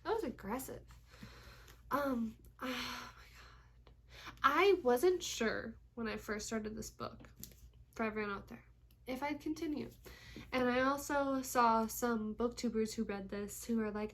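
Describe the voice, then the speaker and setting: A young book vlogger chats casually at home about reading, gushing, swearing freely and laughing often. Her fairly high voice is animated but a little slow.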